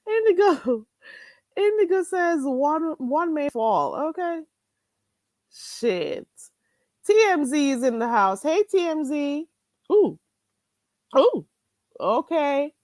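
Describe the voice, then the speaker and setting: Lively Jamaican woman chatting on a livestream. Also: high voice, takes it slowly, pauses often, no echo. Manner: animated, laughing, exclaiming at chat. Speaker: livestream host. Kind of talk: casual livestream chat reading comments.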